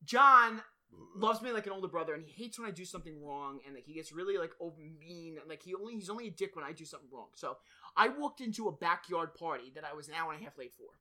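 A man's voice: a little high, lively intonation, quick pace, sharp tone. A man hosting a podcast in casual chat, rambling, swearing and often laughing. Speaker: podcast host.

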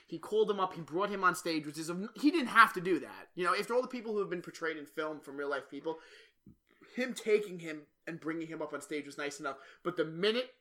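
Male podcast co-host, crisp bright tone, lively raconteur who does bits of other people's voices. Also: fairly high pitch. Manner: animated storyteller, swears, acts out quotes. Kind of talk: casual chat.

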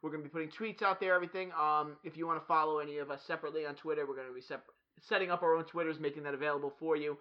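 Fast, high-voiced male podcast co-host, crude joker, muffled lo-fi audio. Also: steady tone. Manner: fast, joking, crude banter. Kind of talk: casual podcast chat.

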